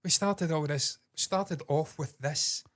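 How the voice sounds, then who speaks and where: A man's voice: a little high, a little slow, fairly bright tone. A Scottish man co-hosting a podcast, telling stories with lots of swearing and mocking impressions. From Scotland. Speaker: podcast co-host. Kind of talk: casual chat.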